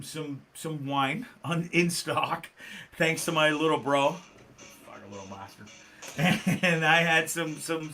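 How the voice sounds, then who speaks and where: Middle-aged man, bright and slightly high, chatty live host, swears freely, tunes low underneath. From Canada. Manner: rambling, profane, laughs often, many restarts. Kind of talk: rambling live-stream chat. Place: small home studio. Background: faint background music.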